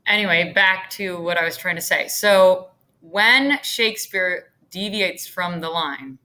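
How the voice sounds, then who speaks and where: A woman's voice: lowish voice, unhurried, bright, forceful tone. A woman teacher giving a recorded class lecture in a chatty way, often checking in with her students.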